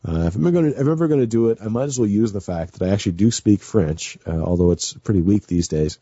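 A man's voice: lowish voice, animated, fairly quick, gravelly, hardly any pauses, dark tone, breathy edge, no echo, dull audio. A man chatting as a guest on a radio show, nervous and rambling with many fillers and restarts. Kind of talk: casual chat.

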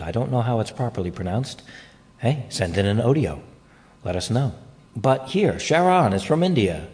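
A man's voice: mid-range voice, darkish tone. A congested man hosting a podcast in a casual, joking, rambling way. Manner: jokey, rambling asides. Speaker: podcast host. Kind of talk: casual chat.

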